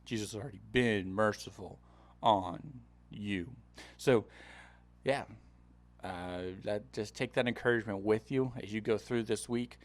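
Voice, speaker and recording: A man's voice: lowish voice, unhurried. A man hosting a podcast, retelling a parable in a loose, chatty style with frequent fillers. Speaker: podcast host. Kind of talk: casual Bible teaching.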